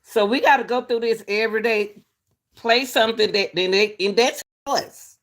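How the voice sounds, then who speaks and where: A woman hosting her own channel and talking straight to viewers in casual commentary, unhurried and full of folksy asides. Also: medium pitch, gravelly. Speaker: commentary host.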